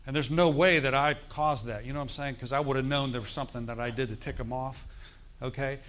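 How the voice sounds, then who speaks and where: A middle-aged male pastor, telling a story in a sermon in a conversational, animated way and asking the congregation questions. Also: medium pitch, quick pace, slight background noise.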